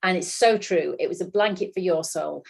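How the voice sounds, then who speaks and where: A woman's voice: lowish voice, brisk, vocal fry, darkish tone, breathy edge. A woman, co-hosting a casual chat and earnestly encouraging listeners. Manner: earnest and encouraging, speeds up when emphatic. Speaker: co-host.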